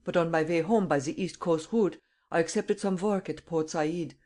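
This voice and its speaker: A narrator voicing a poor, excitable old German man with a German accent who stammers and splutters in bursts. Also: fairly high pitch, normal speed, close to an everyday voice. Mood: explaining. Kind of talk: audiobook character voice.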